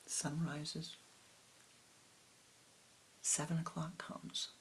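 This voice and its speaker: A woman spiritual teacher telling a parable in a calm, soft-spoken way that often drops close to a whisper. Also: deep voice, very slow, vocal fry, poor audio. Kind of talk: storytelling sermon.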